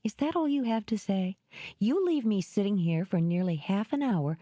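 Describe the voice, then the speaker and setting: A woman's voice: medium pitch, lively intonation, moderate pace, warm tone, no room sound, pitched above the performer's own voice, natural voice. Woman voicing a bubbly, teasing young woman. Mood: playful. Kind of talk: audiobook character reading.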